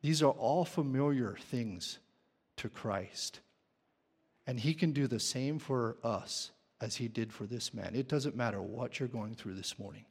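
A man's voice: medium pitch, a little slow, darkish tone, breathy edge. A man preaching a sermon, often asking the congregation questions. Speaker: pastor. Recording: long hall reverb.

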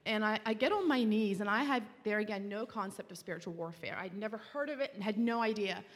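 A woman telling her personal Christian testimony in an earnest, heartfelt way, with halting restarts. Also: medium pitch. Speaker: speaker giving a Christian testimony. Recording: long reverb, as in a large hall.

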